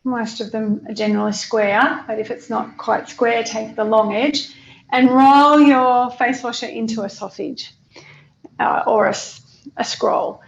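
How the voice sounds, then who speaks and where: A woman with an Australian accent leading a yoga class, guiding breathing in a calm, slow way with long pauses. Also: fairly high pitch, creaky, reverberant, muffled recording. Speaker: yoga teacher. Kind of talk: guided yoga class instruction.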